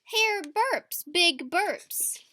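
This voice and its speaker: A woman teacher with a high, bright voice reads a picture book aloud to children. She reads slowly and with expression. She stops often to ask the children questions. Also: lively intonation, slight background noise.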